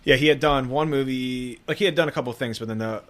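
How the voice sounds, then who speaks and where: A man's voice: medium pitch, fast, a bit bright. A man co-hosting a movie podcast, chatting casually and reading film facts and quotes from his notes. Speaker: podcast co-host.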